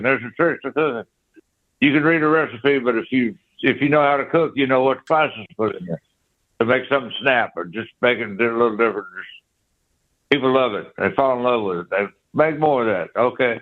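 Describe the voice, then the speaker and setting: A man's voice: mid-range voice, normal speed. An older man, a guest guitarist, telling rambling anecdotes in a casual interview and scatting riffs aloud. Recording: tinny phone line.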